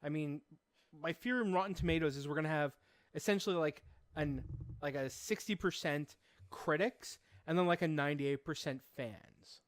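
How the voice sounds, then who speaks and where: A man's voice: fairly high pitch, moderate pace, no echo. A man co-hosting a podcast in casual chat. He asks questions in a dry, wry way. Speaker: podcast co-host.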